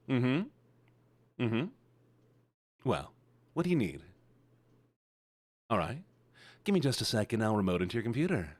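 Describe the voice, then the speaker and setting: A man on a live stream talks straight to his chat and tells stories with a lively, swinging pitch. His voice sits at a middle pitch, and he is recorded close on a desk mic in a dry, dead room. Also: unhurried, long pauses, no echo. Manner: animated storyteller, talks to chat.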